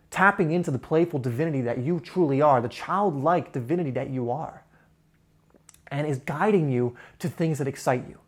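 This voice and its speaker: A man speaking straight to camera in a motivational self-help talk, enthusiastic and conversational, with frequent "you know" fillers. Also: a little high. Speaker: spiritual self-help creator.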